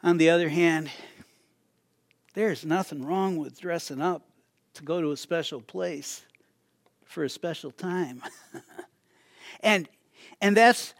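An older male pastor delivers a sermon in a relaxed, conversational manner, restarting phrases and chuckling as he goes. His voice sits a little high for a man. The sound is close and dry, with no room echo.

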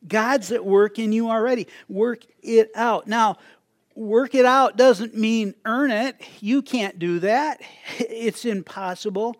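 A man's voice: high-pitched, slow pace, no room sound, clean studio sound. An older man preaching a sermon in a conversational way, often restarting phrases and chuckling to himself. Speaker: pastor.

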